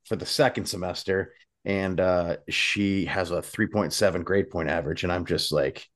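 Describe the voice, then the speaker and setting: A man in his forties chats on a podcast in a low voice, pausing often and filling gaps as he thinks. His sound is dry and close, with no room around it. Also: steady tone, no echo. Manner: halting, lots of filler pauses. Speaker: podcast co-host. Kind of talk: casual chat.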